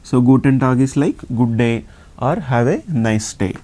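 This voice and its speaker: A man from India with an Indian English accent, teaching a slow classroom lesson and patiently repeating each sound. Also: medium pitch, warm tone. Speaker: language teacher.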